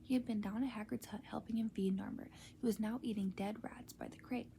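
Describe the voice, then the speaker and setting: A woman reading a storybook aloud in a soft, unvoiced ASMR whisper. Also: a little high, steady tone, fairly quick, gravelly, slight background noise.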